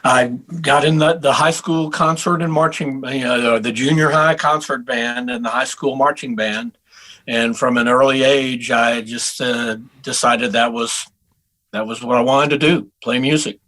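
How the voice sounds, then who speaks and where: Bright-voiced middle-aged man from Texas. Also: medium pitch, unhurried, poor audio. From Houston, Texas. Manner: relaxed storyteller with frequent restarts. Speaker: guest saxophonist. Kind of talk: casual interview chat.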